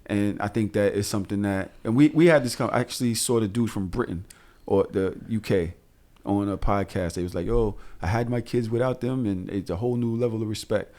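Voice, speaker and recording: A man, co-hosting a podcast and telling loose, profane stories full of animated asides. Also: fairly low pitch, a little fast. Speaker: podcast co-host. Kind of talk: casual podcast chat.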